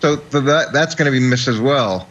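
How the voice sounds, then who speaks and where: Middle-aged ex-coach, halting and repetitive. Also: male voice, medium pitch, fairly bright tone, dull audio. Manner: halting, repeats words as he thinks. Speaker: former football coach, analyst. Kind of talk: sports debate analysis.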